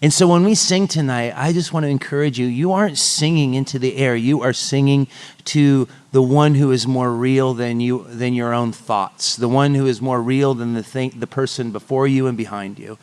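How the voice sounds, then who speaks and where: A man's voice: medium pitch, fairly even intonation, normal speed, a little mellow, smooth. A man preaching a sermon as pastor at a church service, talking conversationally with restarts and light jokes. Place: church service before singing congregation.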